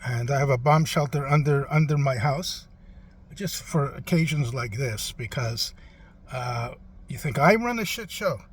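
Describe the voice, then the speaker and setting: A man's voice: medium pitch, lively intonation, a little hiss or hum, lightly acted. A man doing a rambling, forgetful old president. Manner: halting, trailing off, full of "uh". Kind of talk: comic impression interview.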